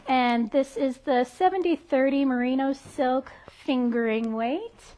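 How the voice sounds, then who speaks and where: Shop girl showing off yarns on a livestream, giggly and friendly, pretty high voice. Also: a little slow, warm tone. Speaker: yarn shop staff member. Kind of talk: casual product presentation on a livestream. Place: yarn shop.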